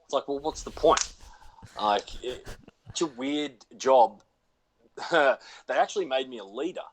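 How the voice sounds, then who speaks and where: A man's voice: medium pitch, lively intonation, measured pace. An Australian man, an actor guest, casually telling self-deprecating stories over a video call from home. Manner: laid-back, self-deprecating storyteller. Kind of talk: casual chat.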